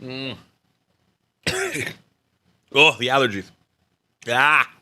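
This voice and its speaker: An American man hosting a casual live stream, joking and chatting with viewers in an animated way that swings between loud bursts and mumbled asides. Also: mid-range voice, extremely slow.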